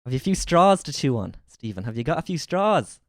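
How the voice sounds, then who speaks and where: Lively streamer cracking crude jokes. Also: medium pitch, brisk, dry recording, clean studio sound. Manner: joking, profane, mocking asides. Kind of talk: casual reaction commentary.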